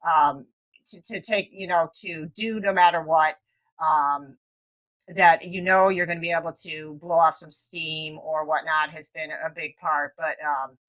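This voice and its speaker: A woman's voice: sits low, steady tone, a little slow, a bit bright, poor audio. A woman hosting a talk over a video call, reflective and often correcting herself mid-sentence. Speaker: host. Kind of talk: casual conversation.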